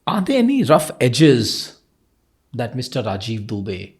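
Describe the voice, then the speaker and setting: A man hosting an interview, asking earnest, expressive questions. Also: medium pitch, measured pace, breathy edge. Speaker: podcast host.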